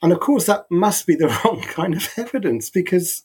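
A man's voice: high-pitched, sing-song, normal speed, slightly rough. A man on a philosophy panel, stammering and restarting as he works through a point. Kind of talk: casual academic discussion.

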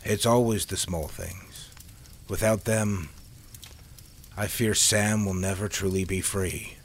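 Brief: wise old farmhand, solemn and unhurried, voiced by a deep-voiced narrator. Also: male voice, steady tone, slight background noise. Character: wise older man, solemn and gentle.

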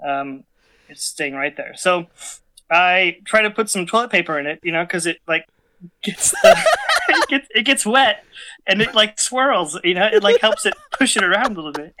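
A man's voice: high-pitched, big pitch swings, moderate pace, noisy background. A man in casual chat, telling a story animatedly with many fillers and restarts.

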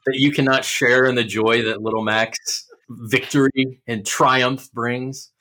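A man's voice: medium pitch, level tone, measured pace, sharp tone. A man hosting a casual podcast chat, ribbing his friends in a joking, mock-dramatic way. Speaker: podcast host.

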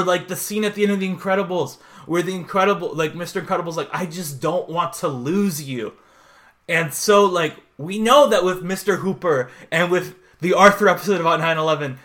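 Young male podcast co-host, chatty and rambling, retells scenes in voices, slightly higher voice. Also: fairly bright tone. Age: 20s. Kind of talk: casual chat.

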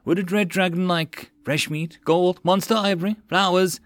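A man's voice: sits high, steady tone, normal speed, fairly bright tone, no room sound, voice pushed up. A man voicing a lazy, lovesick male blue dragon who sighs and mopes. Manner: sighing, mopey.

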